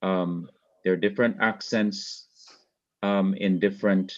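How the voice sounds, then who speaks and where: A man with a Jamaican accent teaching a Hebrew grammar class online, slowly repeating each rule for emphasis. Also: sits low, steady tone. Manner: slow, repeats key rules for emphasis. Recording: dull lo-fi online class audio.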